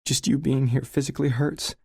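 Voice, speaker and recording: Audiobook: man doing a fiery young woman, raised pitch, shouting and tearful, dry read. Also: level tone, fairly quick, gravelly, breathy edge, no room sound. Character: angry hurt young woman, fiery temper. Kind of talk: audiobook character voice.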